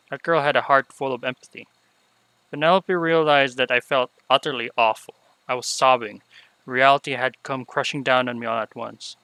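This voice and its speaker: A man reading aloud the lines of a remorseful young female unicorn showmare from a game, in a soft, subdued voice. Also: medium pitch, no echo, low-quality recording.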